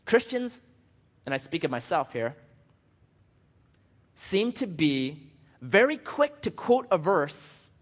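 A male pastor giving a casual, conversational sermon, acting out quotes and joking at his own expense. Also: on the high side. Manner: animated, conversational and self-deprecating, acting out quotes. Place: church sanctuary. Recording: dull lo-fi audio in a long-reverb church hall.

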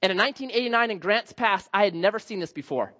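A man in his forties preaching a sermon, telling a personal story and acting out his younger self in lively bursts. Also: fast, muffled recording. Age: 40s. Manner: animated, acts out his younger self with high excited outbursts. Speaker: pastor.

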